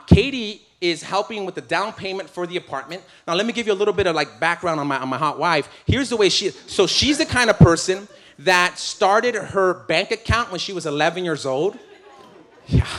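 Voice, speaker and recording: Animated, self-mocking man preaching a story. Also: high voice. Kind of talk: comic storytelling sermon.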